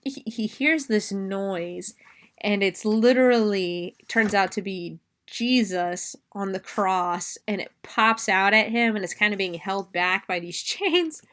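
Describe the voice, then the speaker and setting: A woman's voice: medium pitch, slow, fairly bright tone. Swearing, rambling woman podcast host. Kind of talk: casual movie recap.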